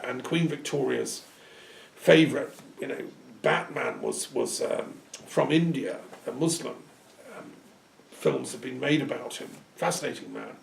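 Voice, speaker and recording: A man giving an informal philosophical talk, rambling and discursive with many pauses and restarts. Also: medium pitch, creaky, distant mic, slight background noise. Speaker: philosophy lecturer. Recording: echoey room, speaker off-mic.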